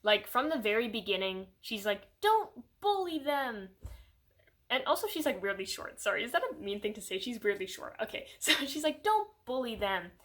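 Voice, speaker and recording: A young woman giving a casual, rambling movie review in her own channel's video, animated and full of fillers, slipping into voices when she quotes characters. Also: mid-range voice, fast talker, hardly any pauses. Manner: rambling, animated, heavy use of "like".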